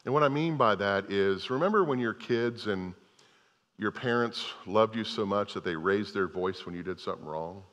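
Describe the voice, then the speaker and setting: A man's voice: on the low side, moderate pace, a bit bright, in a large hall. An older man preaching a sermon, telling a parable as a story and often restarting his phrases. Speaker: pastor.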